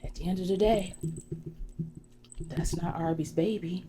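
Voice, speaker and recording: A woman's voice: on the low side, steady tone, a little slow, noisy background. A woman doing an ASMR salon role-play, telling gossip as a chatty storyteller full of "you know.". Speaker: ASMR creator.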